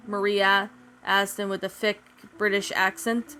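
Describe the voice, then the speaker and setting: A woman reading a fan-written story aloud in a steady, even voice. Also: medium pitch, a little slow. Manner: steady, even narration with small slips. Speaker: fan fiction reader. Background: soft background music.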